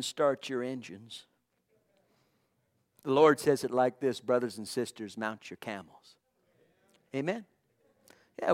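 A pastor preaching a sermon with fervor, repeating phrases and dropping from loud exclamations to hushed asides. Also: mid-range voice.

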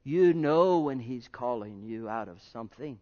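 A man pastor preaching a sermon to his congregation, swinging between loud exhortation and hushed, intimate tones. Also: mid-range voice, expressive, a little slow, lo-fi sound.

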